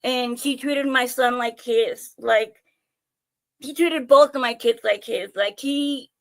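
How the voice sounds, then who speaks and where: Speaking slowly in a creaky, high-leaning voice, a breathless young streamer tells viewers her own stories. She's lively and talkative, curses freely, and makes herself the butt of her jokes.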